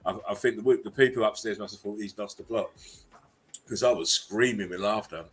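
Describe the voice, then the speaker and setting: A man hosting a casual live-stream chat, often bursting into high laughter. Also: fairly quick, husky. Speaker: channel host.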